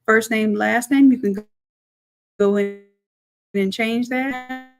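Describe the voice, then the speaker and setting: Her voice sits on the high side, slow and steady in tone. She's a design instructor talking y'all through a live-streamed software tutorial, musing out loud as she goes.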